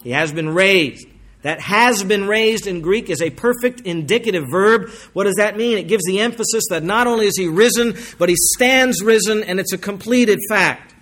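With a voice that sits high, a man preaches emphatically as pastor, slowing on key phrases for emphasis. His delivery moves back and forth between forceful and quiet stretches.

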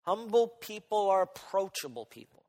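Male pastor, sermon delivery, high-ish voice, animated soft-to-loud swings, reverberant sanctuary. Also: normal speed. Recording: long hall reverb.

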